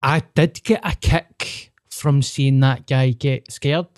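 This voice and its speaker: A young Scottish man telling a street story in casual chat, sweary and animated. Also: mid-range voice, slow, no echo, studio quality.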